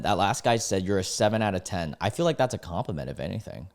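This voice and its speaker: A man's voice: sits low, very animated, fast. A young man casually reacting to online posts as a streamer, talking in loose slang and calling people bro and dude.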